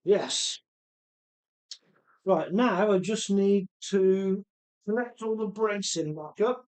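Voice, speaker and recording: A man's voice: high voice, slow, darkish tone. A middle-aged man from Telford, chatting casually while repairing a remote-control car and reading out viewer comments. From Telford, English Midlands. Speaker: RC car channel host.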